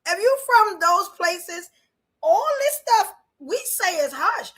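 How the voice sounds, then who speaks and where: A woman's voice: extremely high pitch, takes it slowly, rough recording. A woman host with a Brooklyn accent, reacting and chatting bluntly to her audience. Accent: New York. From Brooklyn, New York. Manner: animated, laughing, blunt. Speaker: podcast host. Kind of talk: casual reaction commentary.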